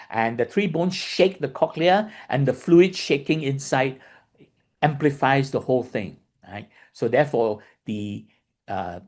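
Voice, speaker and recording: A man's voice: fairly high pitch, a little mellow. A man giving a dharma lesson. He explains patiently, repeats points, and keeps checking in with listeners by asking "okay?" and "right?". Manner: repeats points and restarts phrases. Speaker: meditation teacher.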